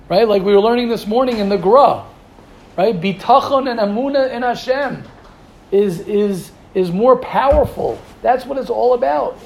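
A gravelly-voiced man speaks with a lilt, teaching students in a yeshiva class. He repeats his points and fires off rhetorical questions, his voice sitting somewhat high. A faint hiss runs underneath. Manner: animated, repetitive, rhetorical questions. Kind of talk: Torah class talk to students.

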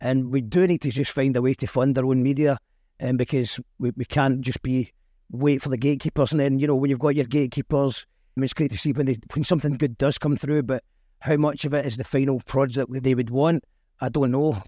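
A Scottish man hosts a casual live chat with an easy, conversational flow, pausing now and then to read viewer comments aloud. His voice sits at a middling pitch, and the recording is dry and close. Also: steady tone, dark tone, dry recording. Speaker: podcast host.

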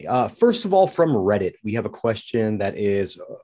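A low, husky-voiced man co-hosting a podcast, reading fan questions aloud. His pitch swings widely as he stumbles and corrects himself. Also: sing-song, moderate pace, a little mellow. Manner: nervous, fumbling, self-corrects. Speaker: podcast co-host.

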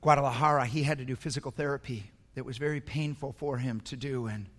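A man's voice: medium pitch, fairly even intonation, fast, a bit bright. An older man preaching a sermon, telling a personal story in an earnest, emotional way with frequent repetitions. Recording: echoey hall.

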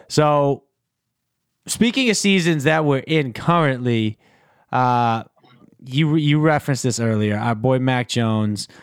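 A man hosting a casual sports podcast, talking in a relaxed, rambling way with lots of fillers. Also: medium pitch, slow, smooth, no echo, clean studio sound. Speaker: podcast host.

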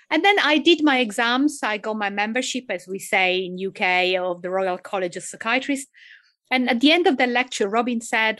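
A woman's voice: a little high, normal speed, a bit bright. An older woman, a psychiatrist and researcher, chatting and telling stories as an interview guest over a video call from home. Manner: chatty, storytelling, laughs easily. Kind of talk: interview conversation. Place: home, pets behind.

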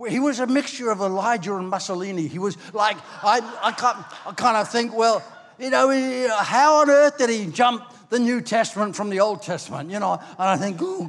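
Older pastor preaching, high-ish voice, acts out the voices, echoing hall. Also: male voice. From Ireland. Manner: animated storytelling, acts out quoted voices, swings loud and soft. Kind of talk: sermon. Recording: long hall reverb.

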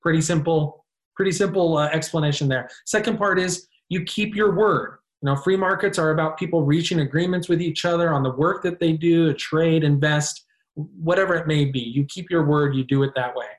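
A man with a somewhat high-pitched voice talks through his ideas in a relaxed political discussion. He explains step by step and leans on fillers as he builds each point. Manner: measured, explanatory, filler-heavy. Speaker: guest.

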